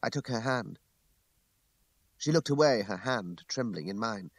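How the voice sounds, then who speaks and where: A man reading a classic novel aloud in the first person, with measured, restrained narration. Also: lowish voice, lively intonation, dry recording. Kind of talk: scripted audiobook narration.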